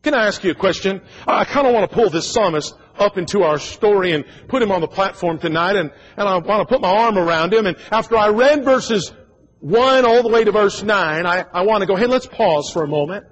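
A man's voice: high-pitched, a little fast, fairly bright tone, highs cut off. A man in his forties preaching a sermon in a church, folksy and joking, with frequent stammered repeats. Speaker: pastor. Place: church sanctuary.

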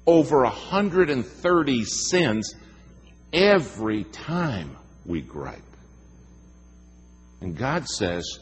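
A man preaching a sermon in a folksy, emphatic way, telling stories and slowing down to stress his points. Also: medium pitch, big pitch swings, big-room sound. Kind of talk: sermon with storytelling.

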